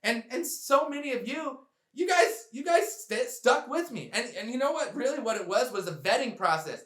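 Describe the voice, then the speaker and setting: A man's voice: extremely high pitch, animated, moderate pace, fairly bright tone, echoey room. A man talking straight to camera on his sailing channel, earnest and heartfelt as he addresses his viewers. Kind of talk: direct-to-camera vlog talk.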